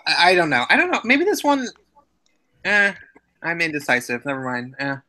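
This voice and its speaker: A woman with a bright, sharp tone talks casually on a group livestream. She repeats words and trails off as she gathers her thoughts. She sounds like she is on a home computer mic. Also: lowish voice, big pitch swings, normal speed, rough recording. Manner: hesitant, stammering, loses her thoughts. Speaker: livestream participant.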